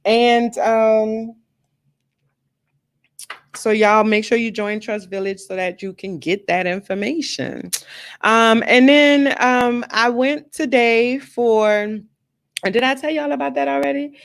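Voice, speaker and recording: A woman's voice: on the high side, slow, clean tone, no room sound. A woman hosting a live stream, chatting casually and candidly to her viewers, telling a personal story with lots of fillers and repeated words.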